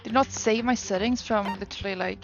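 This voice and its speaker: A young woman from Sweden with a Swedish accent, chatting casually to her live-stream viewers from her desk at home, self-deprecating and quick to exclaim. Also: medium pitch, fairly even intonation, highs cut off, music in the background.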